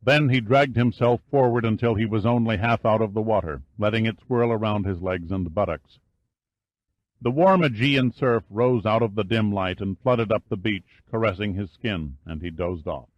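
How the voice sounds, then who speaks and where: A low-pitched man reads an audiobook in a measured, steady way. The recording is dry and close, with a slightly dull, muffled top end. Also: no echo. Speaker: audiobook narrator. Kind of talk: scripted narration.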